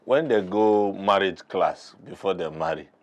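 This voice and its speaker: A man's voice: low voice, measured pace. A man with a Nigerian accent, a guest in a talk-show debate, arguing his side in an emphatic, preachy way. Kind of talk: heated debate argument.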